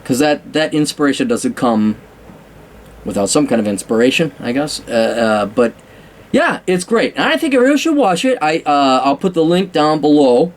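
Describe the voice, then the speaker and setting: A man's voice: a little high, sing-song, normal speed, a little hiss or hum. A man hosting a casual film review, rambling and self-mocking with frequent restarts and swearing.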